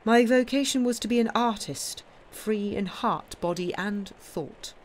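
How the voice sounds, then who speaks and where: A woman's voice: medium pitch, expressive, moderate pace, slight background noise, lightly acted. A woman voicing a proud, outspoken young heiress who talks in firm, ringing tones. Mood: defiant.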